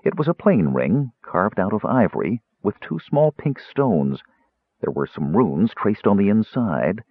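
A man narrating a fantasy novel aloud in an expressive storytelling way. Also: on the low side, unhurried, husky, dry recording. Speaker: audiobook narrator. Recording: tinny phone-like sound.

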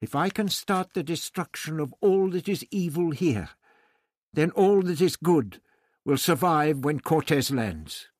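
A man's voice: a little high, expressive, measured pace, no room sound, clean studio sound, pitched above the performer's own voice. A man voicing a resolute, defiant young woman. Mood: determined. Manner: firm, determined. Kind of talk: audiobook character voice.

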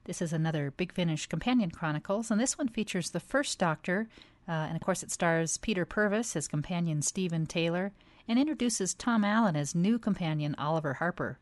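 A woman's voice: fairly low pitch, animated, fairly quick, no room sound. A woman reviewing an audio drama in casual chat, articulate and enthusiastic. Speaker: forum moderator, reviewer.

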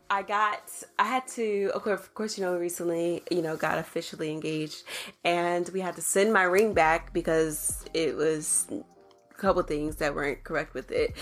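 A woman's voice: lowish voice, fairly bright tone. A young adult woman co-hosting a casual podcast with her partner, chatty and teasing. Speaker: podcast co-host. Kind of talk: casual couple podcast chat.

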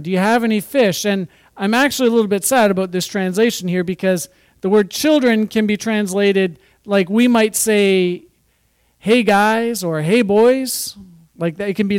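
Guy with a high voice doing a casual bible study, joking between verses, dry close sound. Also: normal speed, clean tone, no echo. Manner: chatty, jokey asides while reading scripture. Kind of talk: informal Bible teaching with slides. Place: church or fellowship hall.

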